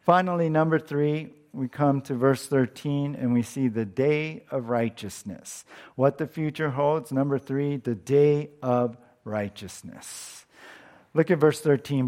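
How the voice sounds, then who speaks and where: A man preaching a sermon as pastor, in a conversational way, asking his listeners questions and letting phrase ends drop off softly. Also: mid-range voice, measured pace.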